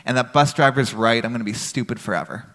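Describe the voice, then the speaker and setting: A man's voice: mid-range voice, quick pace, fairly bright tone, long reverb tail, voice pushed down, lightly acted. A glum troubled boy, as a man quotes him. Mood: hopeless. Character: troubled twelve-year-old boy, hopeless and glum.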